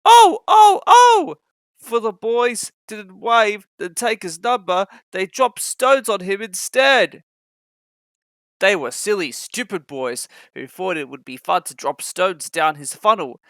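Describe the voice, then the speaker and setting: A man reading a children's storybook aloud, expressive and acting out every character. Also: high-pitched, a little slow, no echo. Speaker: narrator.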